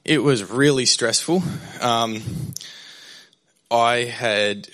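Candid young man, bright voice. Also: mid-range voice, drawn-out words. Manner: candid and rambling, with many fillers and restarts. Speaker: pastor. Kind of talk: personal testimony in a sermon.

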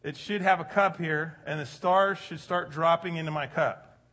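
Husky-voiced man preaching casually. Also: fairly high pitch, normal speed. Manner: conversational and joking, rising loud for emphasis. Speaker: pastor. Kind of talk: sermon.

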